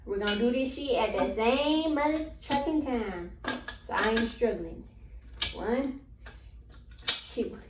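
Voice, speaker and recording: A woman's voice: a little high, expressive, slow pace, long pauses, background noise. A young woman, chatting casually while building something, blunt and swearing, a bit out of breath. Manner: blunt and chatty, swears freely, mutters to herself. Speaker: vlogger. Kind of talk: casual vlog, talking to camera while assembling. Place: room at home. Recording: echoey room, mic at a distance.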